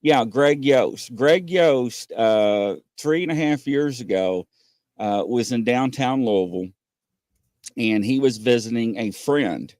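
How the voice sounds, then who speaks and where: A man hosting a casual podcast, telling stories with lots of pauses and acting out what people said. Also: medium pitch, animated, a little mellow, no echo, studio quality. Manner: rambling storyteller, many "uh" pauses, acts out quotes. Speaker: podcast host. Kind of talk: casual chat.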